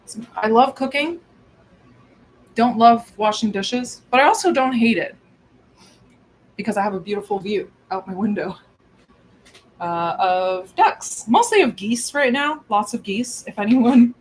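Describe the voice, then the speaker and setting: A woman's voice: a little high, expressive, normal speed, rough recording. A woman hosting a cooking livestream from her home kitchen, chatting casually in a rambling way as she moves around, with cooking sounds behind her. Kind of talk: casual chat while cooking.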